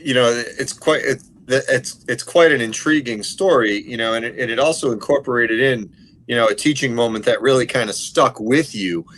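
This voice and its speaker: A man hosting an interview, reflecting on a guest's story and asking questions in a measured way with many fillers. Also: medium pitch, fairly bright tone, slight background noise. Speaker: podcast host.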